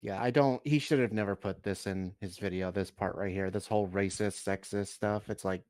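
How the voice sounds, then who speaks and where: A man's voice: lowish voice, fairly even intonation, moderate pace, a little mellow, no room sound, studio quality. Blunt, swearing man ranting. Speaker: stream co-host. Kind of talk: casual chat reacting to a video.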